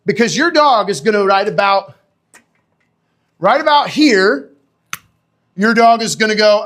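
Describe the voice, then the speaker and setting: A man with a high-pitched voice teaches dog training live online. He talks in an animated, chatty way, keeps checking in with "okay?" and "right?", and answers viewers by name. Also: unhurried, pauses often. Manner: replies to viewers' comments by name.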